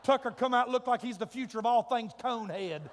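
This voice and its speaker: A man preaching a sermon, telling a comic family story in a folksy way, his voice rising to shouts and drawing out words for emphasis. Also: very high-pitched, brisk, a little hiss or hum. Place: church sanctuary. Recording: long hall reverb.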